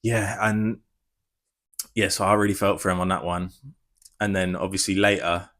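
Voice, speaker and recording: A man giving a casual spoiler review, rambling and excitable, swearing freely. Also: low voice, normal speed. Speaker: film reviewer.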